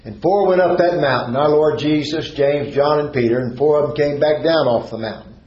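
A man's voice: a little high, moderate pace, reverberant, lo-fi sound. A male preacher, preaching a sermon in a fervent cadence and repeating phrases for emphasis.

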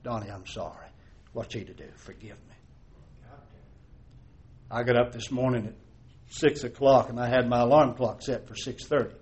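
Preacher with dramatic swings. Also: male voice, medium pitch, steady tone, brisk. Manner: preaching with dramatic swings from loud emphasis to hushed tones; folksy storytelling with repeated rhetorical questions. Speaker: pastor. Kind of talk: sermon.

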